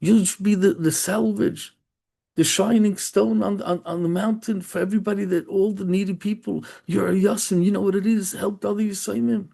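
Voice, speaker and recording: A man's voice: high voice, steady tone, unhurried, gravelly, few pauses, dark tone, exaggerated voice. A man voicing a grieving dead father who pleads with his son from heaven, repeating himself. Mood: pleading. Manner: pleading, repetitive.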